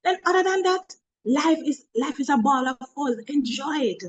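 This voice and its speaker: A woman's voice: high-pitched, expressive, normal speed, slight background noise, low-quality recording. A woman with a Jamaican accent, a motivational speaker in a webinar talk, humorous and preachy, telling stories from work.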